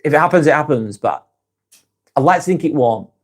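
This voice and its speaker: A man's voice: a little high, animated, fairly quick. A man with a British accent hosting a casual live stream, reading out viewer comments and answering them bluntly, swearing freely and often laughing.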